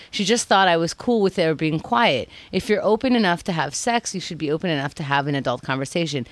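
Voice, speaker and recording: A woman's voice: fairly low pitch, dry recording. A woman co-hosting a casual comedic chat, teasing and laughing often. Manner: laughs often, teasing, reads listener emails. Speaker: podcast co-host.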